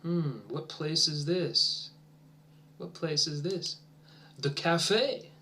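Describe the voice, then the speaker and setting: In a demo English lesson for teachers, a man speaks encouragingly and at length, dropping to soft near-whispers while awaiting answers. His voice is on the high side, and a little hiss or hum can be heard.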